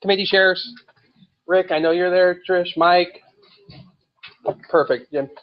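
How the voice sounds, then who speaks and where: A man's voice: sits high, steady tone, slow pace, dull audio. A man hosting a membership meeting, upbeat as he thanks committees and the board. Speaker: meeting host. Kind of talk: meeting announcements. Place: meeting hall.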